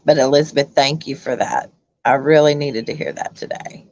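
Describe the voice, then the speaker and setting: A woman chatting on a livestream, halting with many ums and restarts as she reads viewer comments. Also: very deep voice, fairly even intonation, darkish tone, dull audio. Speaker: YouTube livestream host. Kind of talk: casual livestream chat reading comments.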